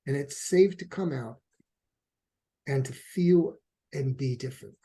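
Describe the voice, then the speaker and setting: A man's voice: mid-range voice, measured pace, slightly rough. A middle-aged man, a couples therapist, answering in a conversational interview and telling stories with acted-out quotes. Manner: animated storyteller, acts out quotes.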